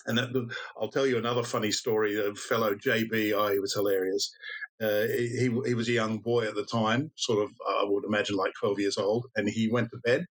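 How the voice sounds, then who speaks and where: A man's voice: mid-range voice, rough recording. Older man telling stories. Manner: halting, full of restarts and fillers. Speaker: podcast guest. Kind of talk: casual storytelling.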